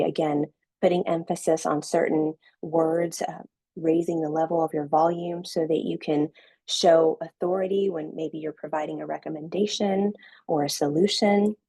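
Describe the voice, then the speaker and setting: A woman's voice: deep voice, creaky, warm tone, breathy edge, dry recording, rough recording. A woman giving an online class lecture on presenting, coaching her students and checking in with them often. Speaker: online instructor.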